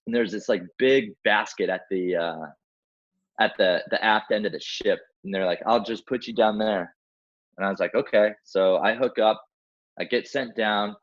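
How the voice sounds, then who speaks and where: A man's voice: on the low side, moderate pace, highs cut off. A young man, a rescue swimmer, telling a story in a casual interview, acting out the dialogue and using lots of fillers like "like" and "man". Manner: animated, acts out quoted dialogue, many fillers like "like" and "man". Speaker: guest, helicopter rescue swimmer.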